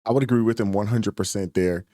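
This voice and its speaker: A man's voice: fairly low pitch, steady tone, fast, dark tone. A man hosting a reaction channel, giving casual, emphatic commentary with folksy slang.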